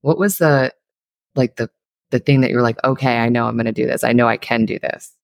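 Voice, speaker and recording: Interview host, mid-pitched, gravelly texture; affirming, measured questions. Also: steady tone, no room sound. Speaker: podcast host.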